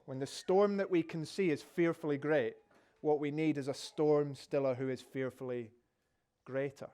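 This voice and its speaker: A man's voice: fairly high pitch, steady tone, moderate pace, mellow, clean tone. A middle-aged Scottish man preaching a sermon, telling the story vividly and asking rhetorical questions. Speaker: pastor.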